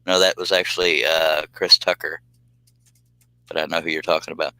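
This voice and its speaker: A man's voice: extremely low pitch, little pitch movement, normal speed, long pauses, bright, forceful tone, smooth, no echo. A man hosting a live stream, rambling and joking in casual chat as he reads viewer comments aloud.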